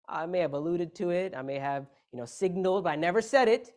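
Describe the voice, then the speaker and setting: A man's voice: sits high, expressive, fast talker, hardly any pauses, a little mellow. A man giving a Friday sermon in a mosque hall, speaking emphatically, asking rhetorical questions and shifting the stress between words. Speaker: preacher.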